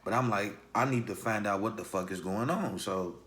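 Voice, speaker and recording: A young man with a Louisville, Kentucky accent tells a story to camera in casual street slang, voice sitting a little low. He keeps the telling lively and checks in with his listeners as he goes. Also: moderate pace, a little hiss or hum. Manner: street slang, animated retelling with acted quotes. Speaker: vlogger.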